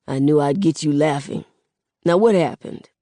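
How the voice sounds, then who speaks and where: A woman's voice: deep voice, normal speed, warm tone, no room sound, studio quality, natural voice. A woman voicing an affectionate, street-wise middle-aged father who talks in a laid-back, slangy drawl.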